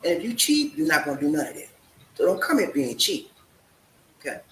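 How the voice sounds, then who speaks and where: A man's voice: a little high, very animated, fairly quick, a bit bright. A man giving relationship advice in a casual talk, full of rhetorical questions and repeated "man". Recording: echoey room with faint noise.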